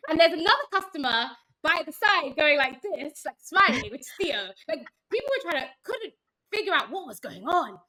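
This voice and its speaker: A woman app founder telling a story as a guest, with an expressive manner. She acts out the voices of the people she quotes and laughs easily. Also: high voice, moderate pace, crowd noise, low-quality recording. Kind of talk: animated storytelling.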